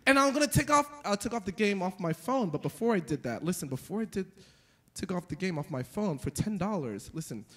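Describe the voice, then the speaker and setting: A young man performing a stand-up comedy set, telling stories with animated delivery and jumping into high squeaky voices for the characters. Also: a little fast, slightly rough. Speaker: stand-up comic.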